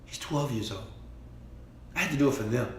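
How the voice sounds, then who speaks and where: A man giving a preachy motivational speech, repeating himself and swinging between quiet talk and shouting. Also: medium pitch, lively intonation, brisk, reverberant, slight background noise. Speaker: motivational speaker.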